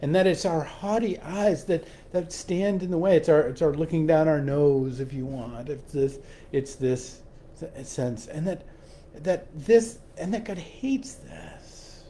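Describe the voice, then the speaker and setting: Halting pastor, mellow voice. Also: male voice, a little high, slight background noise. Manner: halting, repeats words, tells stories. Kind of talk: sermon reflection.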